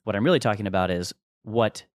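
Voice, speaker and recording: Talking fast in a lowish voice, a podcast co-host teaches in a casual, conversational way, earnest and rambling, restarting sentences and chuckling. The audio is dry and studio-clean.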